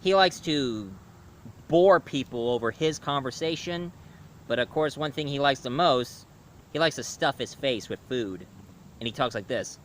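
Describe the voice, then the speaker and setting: A man giving a casual video review, talking haltingly with frequent restarts and self-corrections. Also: mid-range voice, lively intonation, a little hiss or hum.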